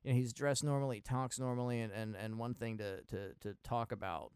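Casual podcast host, a man who rambles through film talk with restarts, cursing and excited bursts; smooth voice, dry. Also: mid-range voice, fairly quick, dry recording. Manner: rambling, profane, full of restarts and asides; excitable, with sudden loud bursts. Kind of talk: casual film review monologue.

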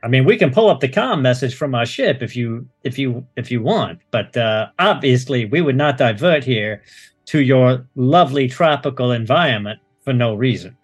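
A man's voice: medium pitch, animated, normal speed, few pauses, slightly rough, no room sound. A man playing a cocky male space operative who speaks in a brash, sarcastic, confident way, with faint music behind. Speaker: player.

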